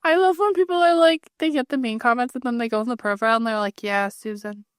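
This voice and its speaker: Wry woman podcast co-host, slightly high voice. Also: expressive, fast, clear, resonant tone, dry recording, clean studio sound. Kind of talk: casual chat.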